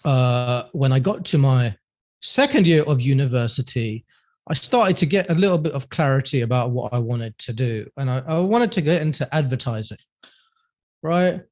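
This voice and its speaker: A man's voice: medium pitch, animated, moderate pace, darkish tone. Chatty man. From London, England. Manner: chatty, laughs often, many fillers. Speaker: podcast guest. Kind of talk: casual interview storytelling.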